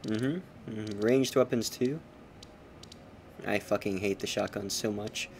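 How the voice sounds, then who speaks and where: A man's voice: on the low side, takes it slowly, vocal fry, darkish tone, a little hiss or hum. A man streaming a game, chatting casually with swearing and self-mocking asides. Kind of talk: casual gameplay commentary.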